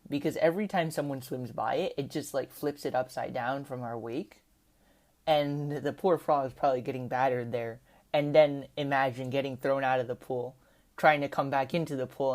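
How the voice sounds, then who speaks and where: Chatty lady gamer rambling through a story, really low voice, keeps saying like and right. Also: a little mellow. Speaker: gaming commentator. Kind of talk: casual storytelling over gameplay.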